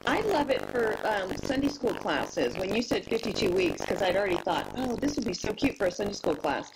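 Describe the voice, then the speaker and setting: Encouraging woman host chatting, gravelly voice, really noisy recording. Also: medium pitch, wildly swooping pitch, brisk. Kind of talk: casual interview chat.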